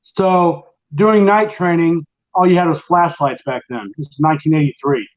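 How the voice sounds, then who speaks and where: Brief: middle-aged male host, rambling animated storyteller, fairly high voice, slightly muffled lo-fi audio. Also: moderate pace. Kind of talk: casual late-night chat.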